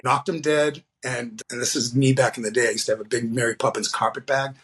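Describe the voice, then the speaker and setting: A middle-aged man from the Boston area, a guest drag performer, telling animated stories and acting out the voices of the people in them. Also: medium pitch, brisk, slightly rough. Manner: animated storyteller, acts out quoted voices. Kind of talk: storytelling interview.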